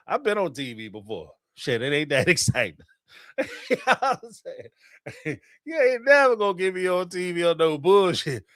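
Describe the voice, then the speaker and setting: A man hosts a casual livestream, swinging through a lively, expressive pitch range while he tells stories and laughs. His voice sits a little high for a man. The sound is close and dry, with no room echo. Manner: animated storytelling, laughs often, acts out phone calls. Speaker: livestream host. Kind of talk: casual commentary chat.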